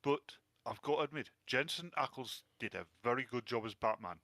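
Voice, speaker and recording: A man's voice: medium pitch, animated, a little fast, sharp tone, no echo. A man in casual podcast chat, opinionated and rambling, often restarting his sentences. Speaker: podcast co-host.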